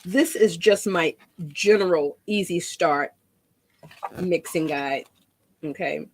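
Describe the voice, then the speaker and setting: A woman's voice: lowish voice, slow. A woman demonstrating a painting craft in a chatty, rambling way, often repeating her words.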